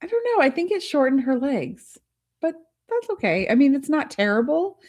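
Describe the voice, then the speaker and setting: A woman's voice: sits high, big pitch swings, moderate pace, darkish tone. Giggly woman hosting a live tutorial. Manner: giggly, chatty, laughs often; thinks aloud while working on screen. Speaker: host of a live art studio stream. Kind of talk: casual live tutorial chat with viewers.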